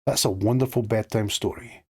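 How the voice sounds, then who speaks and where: A man voicing a kind, encouraging young woman from a storybook, lifting his voice high. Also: steady tone, fairly quick, breathy edge, no room sound, clean studio sound. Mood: cheerful.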